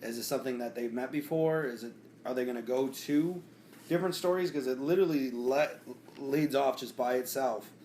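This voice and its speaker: A man's voice: medium pitch, brisk, darkish tone, a little hiss or hum. A man talking casually on a podcast in a laid-back, loose and slangy way. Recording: echoey room.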